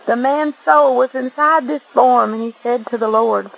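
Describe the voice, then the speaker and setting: Woman narrator, high gravelly voice, earnest religious testimony reading, dull lo-fi recording. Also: normal speed, hardly any pauses.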